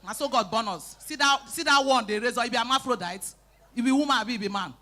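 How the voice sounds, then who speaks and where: On a live event stage, a woman with a Nigerian Pidgin accent performs stand-up, telling animated stories, bursting into shouted, acted-out lines and teasing the crowd. Her voice is a little high and fast.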